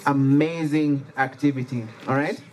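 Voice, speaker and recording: A man's voice: medium pitch, steady tone, measured pace, darkish tone, slight background noise. A man facilitating a workshop, giving practical instructions and checking in with a frequent "all right?" as he organizes the group. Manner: repeats himself while organizing people. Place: workshop room with participants.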